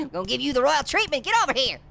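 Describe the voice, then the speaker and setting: A man's voice: extremely high pitch, gravelly, pushed and bright, full character voice. A man voicing a hyper, giggly talking orange that makes puns while commenting on a game. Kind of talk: gameplay commentary. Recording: noisy recording.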